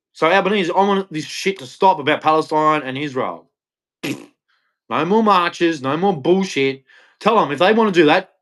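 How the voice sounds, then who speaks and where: Fairly bright and on the high side, this Australian man's voice carries an angry monologue on a livestream. The rant is crude, blunt and heated, and he keeps repeating himself.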